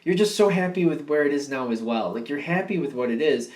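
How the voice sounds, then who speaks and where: A drowsy, yawning tarot reader gives a casual reading, musing and rambling with plenty of fillers and restatements. His voice is on the high side, brisk and a little mellow, picked up by a distant mic with a roomy, off-mic sound.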